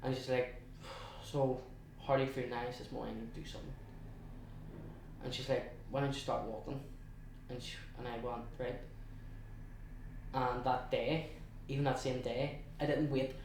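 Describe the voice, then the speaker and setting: A man's voice: mid-range voice, level tone, a little mellow, a little hiss or hum. Chatty young Belfast man, echoey and distant. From West Belfast, Northern Ireland. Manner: chatty, halting, many restarts and quoted asides. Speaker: guest. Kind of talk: casual storytelling interview. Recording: echoey room, heard from a distance.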